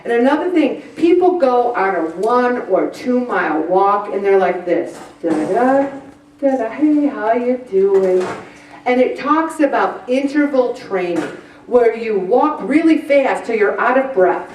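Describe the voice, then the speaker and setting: A woman leading a weight-loss group presentation, chatty and animated, acting out little voices. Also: on the high side, unhurried, hardly any pauses, a little hiss or hum. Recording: roomy echo from far off the mic.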